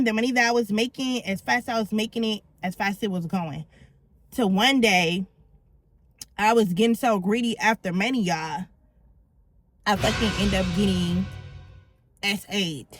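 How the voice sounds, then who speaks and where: A middle-aged woman vlogger tells her own story in candid, blunt, slangy confessional storytelling. Her medium-pitched voice is a bit bright, with no echo.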